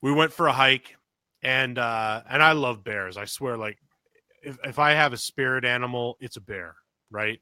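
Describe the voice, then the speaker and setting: Guy telling a wild hiking story, bright forceful voice, dry close mic, jumps high when quoting people. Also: normal speed, dry recording. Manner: animated storyteller, acts out quotes with big pitch jumps; swears casually, many restarts. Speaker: podcast co-host. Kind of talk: casual storytelling chat.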